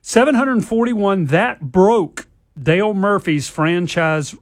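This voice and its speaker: A man's voice: sits high, slow, no echo, studio quality. Chatty man reading sports headlines. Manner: reads headlines, chuckles at his own slips. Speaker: sports talk host. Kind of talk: casual sports radio chat.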